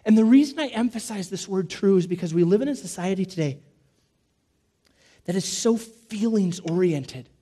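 A man preaching a sermon in an emphatic, repetitive way, slowing to stress key phrases and dropping his voice low. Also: animated, dark tone, breathy edge. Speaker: pastor.

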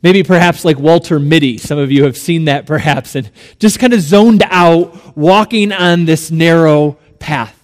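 Slow-preaching man with a high voice. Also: long reverb tail. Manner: storytelling with dramatic swings in volume. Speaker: pastor. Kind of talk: sermon.

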